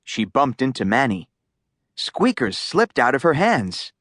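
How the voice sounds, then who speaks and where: A woman narrating a children's audiobook in a slow, lively storytelling voice. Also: extremely low pitch, no room sound, clean studio sound.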